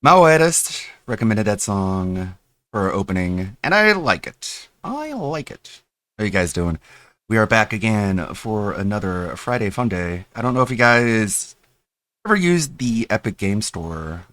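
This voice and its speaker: A man with a lowish voice hosts his live stream, talking casually and drifting between thoughts. He tosses in meme slang and restarts sentences freely. The sound is dry, with no room around it. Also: expressive, a little slow, a bit bright, no echo. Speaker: streamer host.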